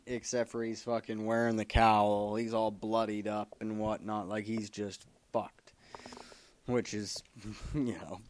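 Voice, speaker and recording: A man's voice: lowish voice, a little mellow, clean tone, no room sound. A man reviewing comic books in a casual, rambling way, swearing constantly and filling gaps with fillers. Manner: profane, rambling, full of fillers. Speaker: comic book vlogger.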